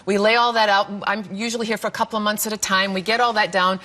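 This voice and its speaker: A woman from Scotland, a guest author on a TV chat show, telling stories in an animated, playful way. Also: medium pitch, fast talker, a little hiss or hum.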